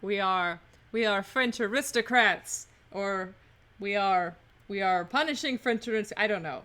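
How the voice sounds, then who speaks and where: A woman hosts a live game stream in a loose, joking chat, often stopping to correct herself. Her voice is bright and forward, pitched in an ordinary middle range. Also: measured pace. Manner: chatty and joking, rambling self-corrections. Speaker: streamer hosting a game playthrough.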